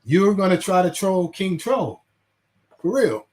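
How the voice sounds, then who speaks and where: A man's voice: sits high, sing-song, a little slow, a little mellow. A man hosting a casual livestream, rambling, laughing and reading chat names aloud. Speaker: livestream host.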